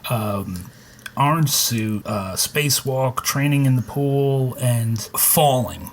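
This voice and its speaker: A man co-hosting a podcast, talking casually and haltingly with restarts and "you know.". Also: mid-range voice, slight background noise. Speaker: podcast co-host. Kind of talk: casual chat.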